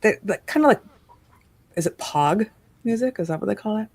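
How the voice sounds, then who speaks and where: A woman's voice: mid-range voice, expressive, brisk, a little mellow, poor audio. A woman hosting a livestream, chatting casually on a video call and laughing easily. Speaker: livestream host.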